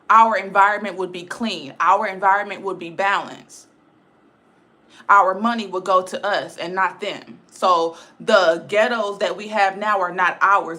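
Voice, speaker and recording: A woman's voice: lowish voice, pushed and bright. A woman giving a blunt, emphatic casual livestream rant, repeating her points. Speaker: live streamer.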